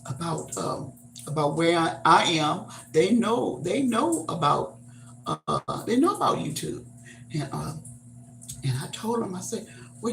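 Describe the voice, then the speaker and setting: An older woman hosting a live stream, chatting casually and haltingly with many fillers and repeated words. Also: on the low side, vocal fry, slight background noise. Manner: reminiscing, homespun. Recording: roomy echo.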